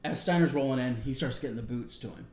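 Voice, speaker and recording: A man's voice: mid-range voice, fast talker, a little mellow, echoey room. A man co-hosting a casual wrestling review show, recapping matches in a rambling way with lots of fillers. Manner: rambling, filler-heavy recap with acted-out quotes. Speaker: podcast co-host.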